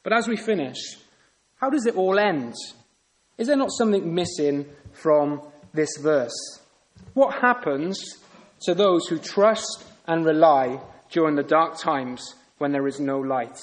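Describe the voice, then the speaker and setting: A man delivers a sermon in an earnest, searching way. He keeps turning to his listeners with rhetorical questions. His voice sits a little higher than most men's. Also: animated, a little slow. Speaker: preacher.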